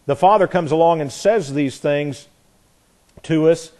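Man, Bible class teacher, fairly high voice, earnest, emphatic, repeats phrases, restarts sentences. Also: measured pace, warm tone. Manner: frequent restarts and self-corrections.

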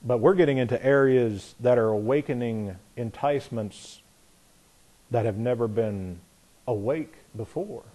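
A man preaching a sermon, animated, telling stories and asking rhetorical questions. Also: mid-range voice, a little slow. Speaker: pastor.

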